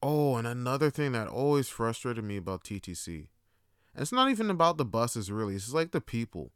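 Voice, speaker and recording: A man rambles through a story, cursing freely and piling on fillers. His voice is smooth and resonant, of middle pitch, and it is recorded close and dry with no room echo. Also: fairly bright tone. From Toronto. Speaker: podcast host. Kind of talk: casual monologue.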